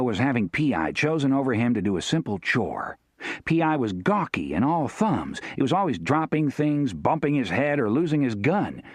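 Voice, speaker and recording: A man reading a western audiobook, with a lively, expressive rise and fall in his voice. The sound is close and dry, with no room echo. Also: mid-range voice. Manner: steady, expressive storytelling. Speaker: narrator. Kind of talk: audiobook narration.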